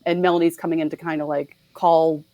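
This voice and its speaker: A young woman chats as a podcast guest in a fairly low voice, animated and quick to laugh. She keeps dropping into short put-on voices to act out lines. The sound is dry and close, with no room around it. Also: dry recording, muffled recording. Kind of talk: casual chat about a film.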